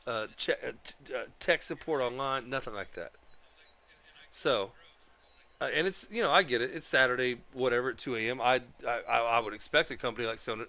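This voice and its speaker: A man's voice: mid-range voice, pushed and bright. A man telling a story about getting banned from an online game, swearing constantly and complaining in an agitated way. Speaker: streamer. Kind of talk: profane ranting storytelling.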